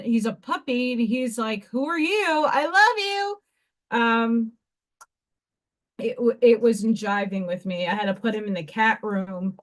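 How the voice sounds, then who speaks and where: A woman hosting a casual live craft stream from home, chatting and rambling to herself as she works. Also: fairly high pitch. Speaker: livestream host.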